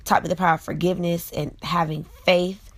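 A woman's voice: on the low side, flat delivery, a little fast, no room sound. A woman in her late twenties hosting her own vlog, talking straight to viewers in a chatty, casual motivational monologue with lots of fillers. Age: late 20s. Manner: chatty, frequent fillers, talks to viewers directly. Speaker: vlog host.

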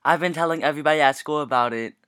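A man's voice: on the high side, very fast, fairly bright tone, dry recording, clean studio sound. A young man co-hosting a casual podcast, telling stories in a playful, joking way. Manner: playful, jokey storytelling. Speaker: podcast co-host. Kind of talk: casual chat.

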